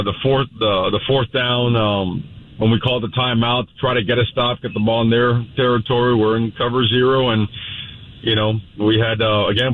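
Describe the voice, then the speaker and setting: A man, a head football coach, talking bluntly on a radio interview and breaking down plays in coaching jargon. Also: mid-range voice. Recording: tinny phone line.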